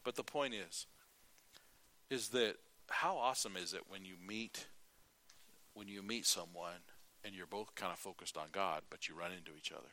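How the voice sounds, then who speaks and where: A middle-aged man preaching with a bright, forceful voice pitched a little low. He tells folksy stories and acts out the people in them. He often stops to clear his throat. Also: moderate pace. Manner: folksy storytelling, acting out quotes. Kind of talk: sermon.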